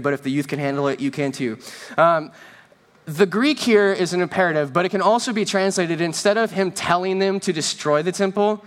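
Pastor, man, relaxed sermon with jokes, slightly high voice. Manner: conversational, joking asides, acts out quoted voices. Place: church stage.

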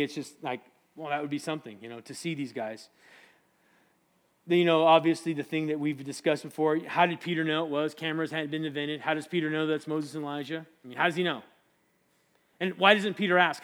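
A middle-aged man preaching a casual, jokey sermon, acting out voices from the Bible. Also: fairly high pitch. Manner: animated, jokey, acts out biblical voices.

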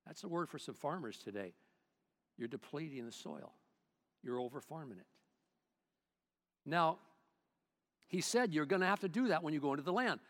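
A male pastor preaching a sermon in church, swinging between loud bursts and hushed asides, calling on the congregation to respond. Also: fairly high pitch, animated, moderate pace, pauses often, in a large hall.

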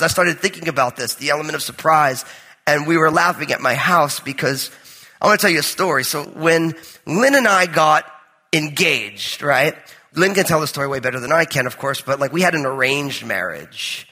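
A high, bright male pastor from New with a husky edge, preaching in a conversational, joking storyteller's manner. His voice rings out with a long reverb in a large church hall. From New Jersey. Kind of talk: sermon with personal storytelling.

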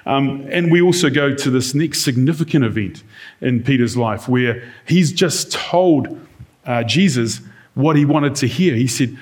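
A male preacher delivering a sermon in a relaxed, conversational manner. He talks to the congregation directly and slips into short acted-out quotes in shifting tones. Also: medium pitch, measured pace. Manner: conversational, acts out quoted lines in varied tones.

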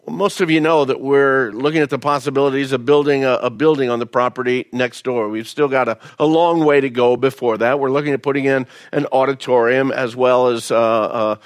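Male pastor, folksy conversational sermon, middle pitch, dry close sound. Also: fairly even intonation, a little fast, hardly any pauses, no echo. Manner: folksy, conversational, repeats words. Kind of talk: storytelling sermon.

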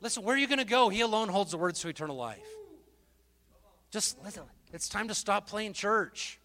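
A man preaching a sermon from a festival stage, fervent and emotional, swinging from loud exhortation to hushed talk. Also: high voice, lively intonation, brisk, big-room sound. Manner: emotional, repeats and restarts words.

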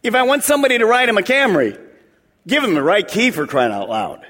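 Animated high-voiced preacher in a reverberant hall. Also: male voice, fairly quick. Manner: animated preaching, acting out voices, call-and-response with the congregation. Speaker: pastor. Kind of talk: sermon. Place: church sanctuary.

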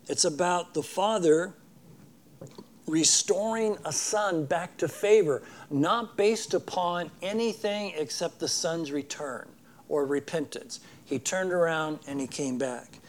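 A man preaching a sermon in an earnest way, acting out the people in the story and dropping his voice soft for emphasis. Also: a little high, measured pace. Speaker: pastor.

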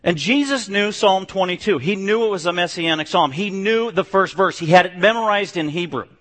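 Emphatic preacher, man, reverberant hall. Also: brisk. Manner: emphatic, swings between loud declarations and low hushed stretches. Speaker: pastor. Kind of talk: sermon.

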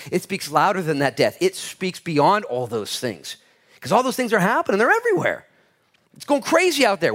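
A man preaching a sermon in church, shifting from loud exclamations to quiet asides and telling stories with humor. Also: on the high side. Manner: storytelling with humor and laughter. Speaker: pastor.

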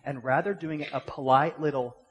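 A middle-aged pastor with a slightly high, fairly bright voice speaks at normal speed. His sermon in the church sanctuary is relaxed and conversational, heavy on rhetorical questions and repetition, and the recording has long hall reverb.

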